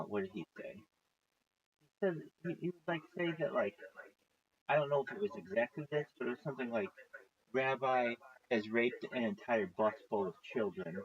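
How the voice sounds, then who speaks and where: Gravelly rambling man on a stream. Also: medium pitch, a little fast, long pauses. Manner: rambling, swearing, quotes others in lively voices. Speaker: livestreamer. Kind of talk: casual livestream storytelling. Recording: dull lo-fi stream audio.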